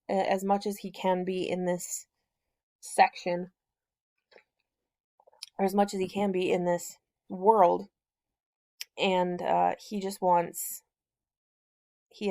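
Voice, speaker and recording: A woman hosts a book chat and retells the story of a novel in an easygoing, conversational way. Her speech is loose and unpolished, full of fillers and self-corrections as she walks through the plot. Her pitch sits in a typical middle range for a woman. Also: creaky, mellow. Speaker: book discussion host.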